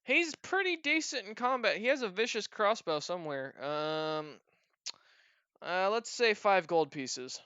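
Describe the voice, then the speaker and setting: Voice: mid-range voice, lively intonation, measured pace, sharp tone, smooth, dry recording, dull audio, voice pushed up. Game master doing a chatty tavern bartender. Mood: salesy. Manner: rambling, offhand sales patter.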